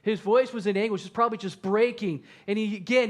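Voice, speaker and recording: A man's voice: high voice, fairly even intonation, brisk, few pauses. A male pastor preaching a sermon, telling the story with animation and acting out the quotes.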